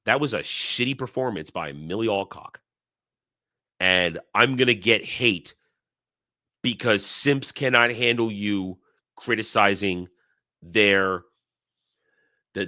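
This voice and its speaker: A man's voice: lowish voice, pushed and bright. A man hosting his own commentary channel, ranting bluntly and crudely in casual talk, with many restarts and mocking quotes. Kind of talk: casual opinion rant.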